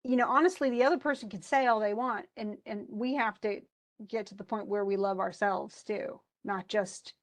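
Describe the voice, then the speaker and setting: A woman's voice: mid-range voice, fairly even intonation, moderate pace. A woman college English instructor giving an informal lecture. She reads passages from a story aloud and comments on them in a chatty way, with many fillers and restarts.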